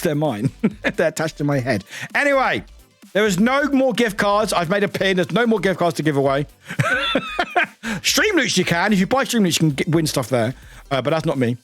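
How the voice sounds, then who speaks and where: A tired British man streaming live, chatting in a rambling, excitable way and swearing now and then. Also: fairly high pitch. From United Kingdom. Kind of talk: casual livestream chat.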